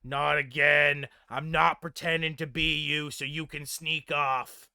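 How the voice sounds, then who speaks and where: A man voicing a curt, sharp-tongued young woman who swears at the party. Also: high-pitched, animated, a little slow, a loud crowd, voice pushed up. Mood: weary. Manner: snappish, rude, swears.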